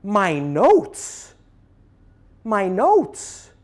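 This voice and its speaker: A man's voice: sits high, huge pitch swings, voice pushed up, full character voice. A man quoting a delirious elderly father. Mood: agitated. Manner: halting, repeating words in fragments.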